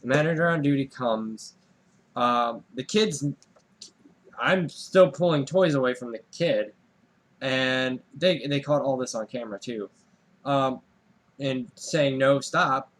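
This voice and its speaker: A man's voice: medium pitch, takes it slowly, long pauses. A young man co-hosting a casual chat, telling a story with swearing and sudden jumps in his voice when he acts out the scene. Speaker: podcast co-host.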